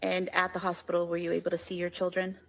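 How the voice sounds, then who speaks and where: A woman attorney questioning a witness in court, asking measured, formal questions with hesitant ums. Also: fairly low pitch, monotone, vocal fry, fairly bright tone, faint music behind.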